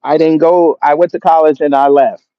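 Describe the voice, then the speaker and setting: A man's voice: on the high side, fairly even intonation, normal speed, no echo. A man of Jamaican background hosting a livestream, reading out chat comments and answering them with sarcasm and laughter. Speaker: livestream host. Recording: dull lo-fi stream audio.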